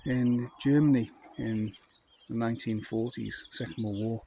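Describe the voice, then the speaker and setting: A man's voice: mid-range voice, steady tone, measured pace, gravelly, warm tone, slight background noise. A man in his fifties with a North Welsh accent, telling anecdotes in a chatty, rambling way with plenty of fillers. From North Wales. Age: 50s. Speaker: vlogger. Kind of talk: casual anecdotal monologue.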